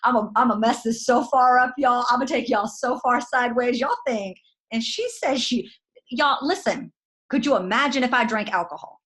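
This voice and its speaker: A woman, talking in a folksy, direct and animated way as she gives motivational advice. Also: fairly high pitch, moderate pace. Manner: folksy, direct, animated, says "y'all" a lot. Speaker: guest network marketing leader. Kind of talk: motivational talk.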